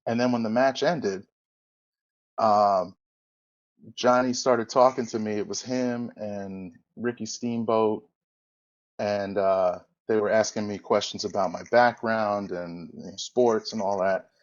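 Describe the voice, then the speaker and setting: Speaking slowly in a lowish voice with fairly even intonation, a former wrestler recounts a long tale as a guest on a casual podcast. He meanders, corrects himself, and gives voice to quoted dialogue, with the audio sounding dull.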